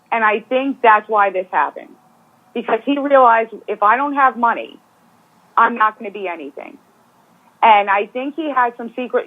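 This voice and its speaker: A woman guest giving speculative, opinionated views in a casual true-crime discussion over a phone call. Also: a little high. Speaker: guest commentator. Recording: tinny phone line.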